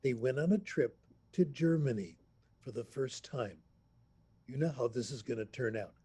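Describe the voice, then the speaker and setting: A man in his eighties, a language professor telling anecdotes in an unhurried, storytelling way on a remote video call. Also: medium pitch, dark tone, slightly rough. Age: 80s. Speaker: language professor, interview guest. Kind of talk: storytelling interview answer. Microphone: computer mic on a video call.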